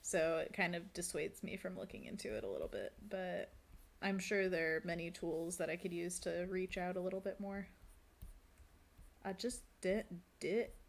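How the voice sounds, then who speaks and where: A woman's voice: fairly low pitch, fairly quick, creaky. A woman chatting casually while drawing on a live stream, rambling and laughing often, seated at a desk at home.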